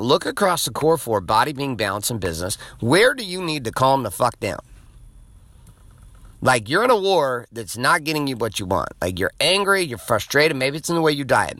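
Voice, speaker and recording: A middle-aged man hosting a podcast, telling a story in a blunt, profane, animated casual monologue. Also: mid-range voice, no room sound. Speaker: podcast host.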